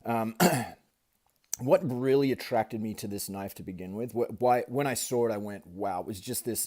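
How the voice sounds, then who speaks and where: Mellow-voiced man rambling through a knife review. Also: mid-range voice. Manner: rambling, with many fillers and restarts. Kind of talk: casual product review.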